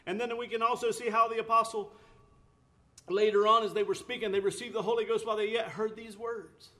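A man's voice: sits high, level tone, fairly quick, bright, forceful tone. A man preaching a sermon, earnest, with rising emphatic bursts, often repeating words and restarting phrases.

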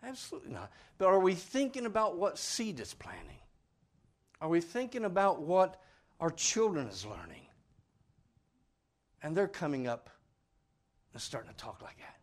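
A man delivering a homespun sermon to his congregation, his fairly high voice leaping up and down with feeling. He leans hard on key words, then drops to near-whispered asides, earnest and plain-spoken throughout. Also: wildly swooping pitch, moderate pace, long pauses. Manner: folksy, earnest, swings between loud stress and quiet asides. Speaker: preacher; father.

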